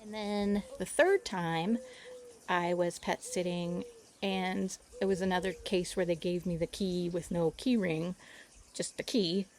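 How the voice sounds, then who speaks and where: A woman's voice: on the low side, steady tone, measured pace, darkish tone. A woman telling a long rambling story to the camera in a casual vlog, easily distracted by the birds around her. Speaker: vlogger. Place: outdoors near birds.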